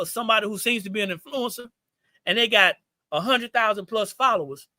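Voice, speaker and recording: A man's voice: sits high, sharp tone, no room sound, clean studio sound. A man with a Southern US accent, a business owner giving folksy, preachy advice to viewers on a live stream. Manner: preachy and folksy, repeats points, addresses viewers as y'all.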